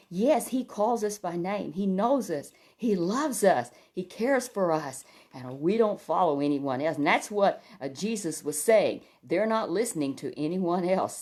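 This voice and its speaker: A woman telling a Bible story to a child in a gentle, exclamatory way, often breaking in with soft "oh"s. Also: lowish voice.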